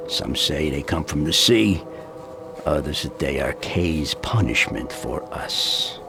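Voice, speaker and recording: Cynical game barkeeper: deep, gravelly, slow and mocking. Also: male voice, lively intonation, music in the background, heavily acted. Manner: blunt, mocking and world-weary. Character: gruff, cynical barkeeper of a seedy pub. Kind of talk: video game voice acting.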